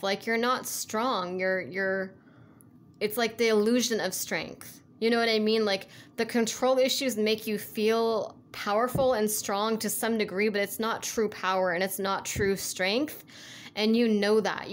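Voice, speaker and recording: A woman's voice: medium pitch, measured pace. Woman rambling thru a tarot reading, says like a lot, earnest, bit of hiss behind her. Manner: rambling, heavy use of "like", earnest and encouraging. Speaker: tarot reader. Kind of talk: casual tarot reading to camera.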